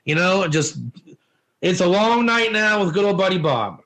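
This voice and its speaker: A man teaching a Torah lesson in an informal, animated way, telling stories and asking rhetorical questions. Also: high voice, normal speed, low-quality recording.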